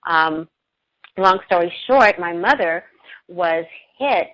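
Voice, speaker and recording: A woman's voice: on the low side, expressive, takes it slowly, highs cut off. A middle-aged woman, a radio show guest, telling a personal story in an earnest, emotional way.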